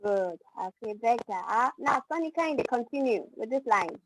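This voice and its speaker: A woman's voice: on the high side, animated, moderate pace, slight background noise, low-quality recording. A woman teaching an online class over a video call, patiently modeling pronunciation for students to repeat.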